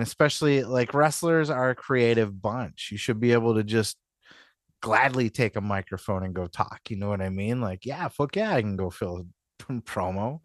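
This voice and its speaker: A man's voice: mid-range voice, a bit bright, no echo, studio quality. A man hosting a podcast in a casual, rambling rant, swearing freely and often asking whether you follow. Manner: profane, rambling, keeps asking "you know what I mean". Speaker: podcast host.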